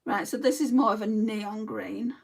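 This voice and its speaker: Her voice is creaky, medium in pitch, steady and moderately paced: a beauty vlogger from Lancashire, England, speaking in a Lancashire accent as she bluntly chats, applies makeup, and answers viewer comments. She sounds slightly distant from the microphone.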